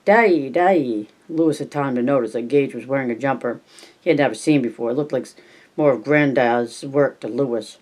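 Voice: medium pitch, brisk, darkish tone. An amateur reader narrating a novel at home, unpolished, with slips and restarts. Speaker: audiobook reader. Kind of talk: casual audiobook reading.

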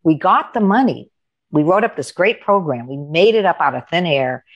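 Female coach guest, middle-aged, low gravelly voice, animated storyteller who voices other people in her anecdotes. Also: normal speed, muffled recording. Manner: animated, acts out quoted dialogue. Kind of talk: conversational storytelling.

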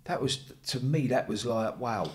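A man's voice: mid-range voice, moderate pace. A man hosting a podcast interview, chatty and encouraging, with frequent agreeing backchannels. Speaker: podcast host. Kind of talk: casual interview chat.

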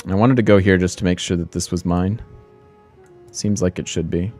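A man's voice: sits low, fairly even intonation, moderate pace, a little mellow, faint music behind. A man hosting a strategy game let's play, thinking aloud in casual commentary, often laughing at himself.

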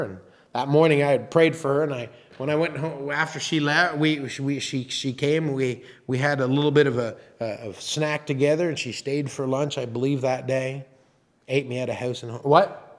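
A man preaching a sermon as pastor, talking in a conversational, halting way with restarts and teasing asides. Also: medium pitch, steady tone. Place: church sanctuary.

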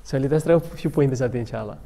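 Mellow preacher in an echoing mosque. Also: male voice, medium pitch, racing, gravelly. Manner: storytelling preacher, mixing in Arabic recitation. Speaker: sheikh giving a Ramadan lecture. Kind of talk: sermon. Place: mosque hall. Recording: long echo of a mosque hall.

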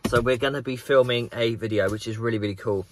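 A man, chatting to camera outdoors in a large garden in a lively, animated way as a gardening vlogger. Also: medium pitch, quick pace, slight background noise. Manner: chatty and animated, acts out the story. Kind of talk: casual vlog to camera. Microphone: camera on a tripod.

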